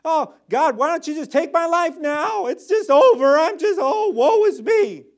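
A man's voice: very high-pitched, lively intonation, unhurried, voice pushed up, full character voice. A man voicing a self-pitying, discouraged male prophet who whines and wails in despair. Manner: whining, wailing, breaking into laughing sobs.

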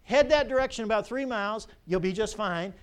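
A man's voice: high-pitched, brisk, clear, resonant tone, close to an everyday voice. A man voicing a cheerful, offhand boater in a sermon illustration. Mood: breezy. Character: friendly man in a boat, breezy and unhelpful.

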